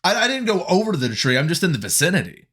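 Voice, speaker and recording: A man chats through a tabletop game in a fairly high, bright voice. His pitch swings in a lively way, and his talk stays playful and jokey. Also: rapid-fire, husky. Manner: playful and laughing. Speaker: player. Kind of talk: casual tabletop chat.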